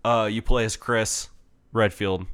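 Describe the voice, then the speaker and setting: A young man in casual chat, excitedly reviewing a game with lots of swearing and restarts. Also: lowish voice, unhurried, clear, resonant tone. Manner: excitable, profane, rambling with restarts. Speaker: podcast co-host reviewing a game.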